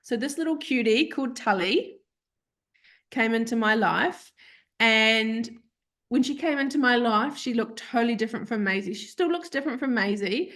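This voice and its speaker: Aussie woman chatting on a video call, lively storyteller, does little voices for people, laughs a lot. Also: fairly high pitch, normal speed. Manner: chatty, animated, acts out quoted voices, laughs often. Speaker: guest. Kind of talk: casual storytelling.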